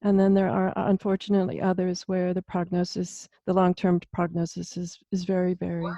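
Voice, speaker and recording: Mellow-voiced woman host on a dull line. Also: lowish voice, completely flat delivery, a little fast, no room sound. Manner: brief, agreeable interjections. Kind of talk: interview conversation.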